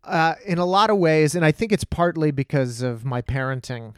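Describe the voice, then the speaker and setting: A middle-aged man from Texas talks on a podcast in a smooth, resonant voice that sits a little high for a man. He tells blunt, profane stories and slips into the voices of the people he quotes. The sound is dry and close, with no room around it. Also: normal speed, no room sound. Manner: animated storyteller who acts out quoted voices, blunt and profane. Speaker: stand-up comedian, guest. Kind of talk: casual podcast conversation.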